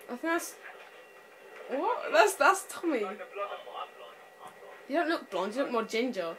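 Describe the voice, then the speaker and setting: A woman's voice: high voice, very animated, a little slow. A young woman chatting while playing a horror game with friends, scared and jumpy, breaking into screams and nervous laughter. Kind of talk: casual let's-play chat. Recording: noisy home recording.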